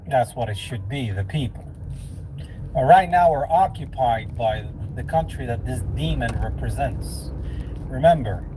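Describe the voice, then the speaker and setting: A man's voice: medium pitch, expressive, unhurried, dark tone, slight background noise, low-quality recording. A man hosting a reaction stream, talking over a clip in a mocking, sarcastic way.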